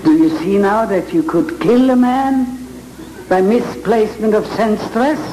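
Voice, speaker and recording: A man with a head cold teaching Bible reading to a live audience, speaking with slow, theatrical emphasis. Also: sits high, warm tone, a little hiss or hum. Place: large hall with audience. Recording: echoey hall with audience ambience.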